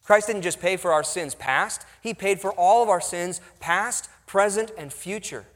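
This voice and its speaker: A man preaching an expository sermon, pausing for emphasis as he reads and explains scripture. His voice sits a little high for a man, and it carries a long reverb, as if recorded in a large hall. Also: fairly bright tone. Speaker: pastor.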